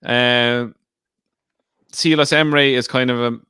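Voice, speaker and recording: A man's voice: medium pitch, fairly even intonation, a little slow, bright, forceful tone, clear, resonant tone, no room sound, clean studio sound. A man co-hosting a podcast, chatting casually about betting and teasing his co-host. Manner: teasing, banters.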